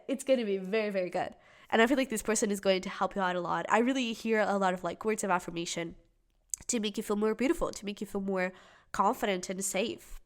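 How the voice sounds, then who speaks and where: A woman's voice: on the high side, a bit bright. Chatty woman doing a tarot reading. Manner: chatty, many fillers, giggly. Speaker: tarot reader. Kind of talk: casual tarot reading to camera.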